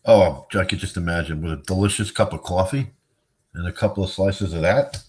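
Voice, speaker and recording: Middle-aged New streamer, deep voice, tired, salty, wisecracking. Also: male voice, brisk. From New York. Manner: profane, wisecracking, easily amazed. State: tired, yawning. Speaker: streamer chatting with viewers. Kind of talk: casual chat.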